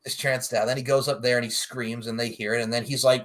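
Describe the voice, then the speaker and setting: A man's voice: medium pitch, little pitch movement, fast, few pauses, fairly bright tone. A man co-hosting a podcast, casually recapping a movie with lots of laughter and offhand swearing. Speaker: podcast co-host.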